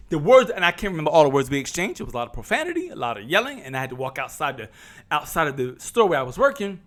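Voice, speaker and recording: A middle-aged man from New Jersey recounts a personal story to his viewers. His voice sits high and swings widely, with a bright edge. He preaches more than he chats, repeating and restarting phrases and calling out to his brothers and sisters. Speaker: vlogger.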